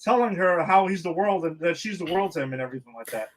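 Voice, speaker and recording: A man's voice: high-pitched, lively intonation, quick pace, rough recording. A man co-hosting a podcast, recapping a movie's plot with mocking asides. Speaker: podcast co-host. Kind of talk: casual movie recap chat.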